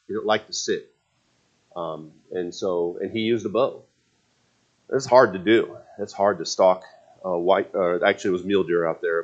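Rambling man telling a story, muffled. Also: low voice. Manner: rambling, with many restarts and fillers. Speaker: speaker telling a personal story. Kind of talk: casual storytelling. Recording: dull lo-fi sound.

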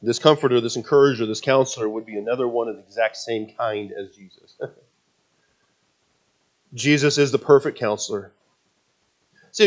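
A man preaching a sermon to a congregation, leading them in reading scripture aloud, with earnest fervent passages and self-deprecating asides. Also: medium pitch. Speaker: pastor.

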